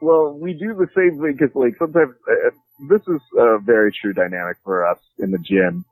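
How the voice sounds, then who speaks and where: A man's voice: a little high, lively intonation, moderate pace, phone-quality sound, faint music behind. A man guest in a casual interview, joking and rambling with frequent fillers. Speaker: podcast host and jiu-jitsu commentator, guest.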